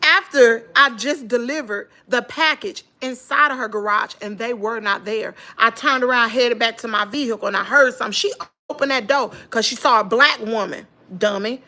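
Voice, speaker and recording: A woman's voice: a little high, normal speed. A middle-aged woman with a Mississippi Southern accent tells her viewers an emotional personal story, emphatic and direct. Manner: animated, emphatic, addresses listeners as girl and y'all. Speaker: vlogger.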